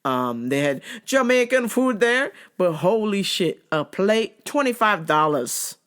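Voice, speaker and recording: A woman tells a comedic story in a rant, her pitch bouncing high and low as she goes. She swears freely and keeps dropping into mimicked voices. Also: unhurried. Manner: animated, profane, slips into mimicked voices. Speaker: vlog host.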